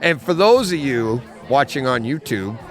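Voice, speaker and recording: A man co-hosting a casual podcast chat in a comic book store, an animated storyteller who laughs at his own jokes. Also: mid-range voice, measured pace, faint music behind. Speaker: podcast co-host.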